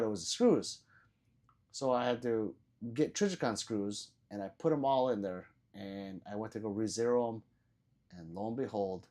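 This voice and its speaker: A man's voice: on the low side, a little mellow. A man hosting a casual live stream, reading viewer comments aloud, laughing often and swearing casually. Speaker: livestream host reading chat.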